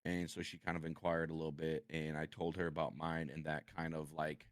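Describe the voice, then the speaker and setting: Deep, halting man opening up. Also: little pitch movement, no room sound, clean studio sound. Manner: halting, repeats words, opens up about hard past. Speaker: podcast guest. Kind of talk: personal interview conversation.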